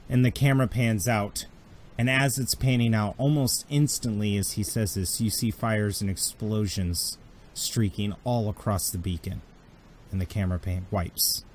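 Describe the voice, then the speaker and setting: A man's voice: fairly low pitch, moderate pace. A man narrating a tabletop game as game master, telling it vividly with occasional restarts. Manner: vivid, graphic storytelling with restarts.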